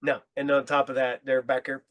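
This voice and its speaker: A man in casual podcast chat who mostly chimes in with short agreements and quick remarks. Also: mid-range voice, no echo, dull audio. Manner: short agreeing interjections, lively.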